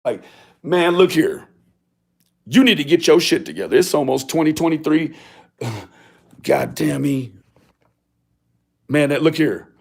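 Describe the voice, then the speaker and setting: Gravelly man ranting. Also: fairly high pitch, measured pace, pauses often. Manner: animated, profane, mocking, acts out others' lines. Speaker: video blogger. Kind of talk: profane storytelling rant.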